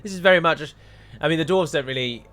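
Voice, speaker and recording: A man's voice: on the high side, fast, a bit bright. A man giving chatty, wry commentary while playing a strategy game, wandering into rambling asides. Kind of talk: gameplay commentary.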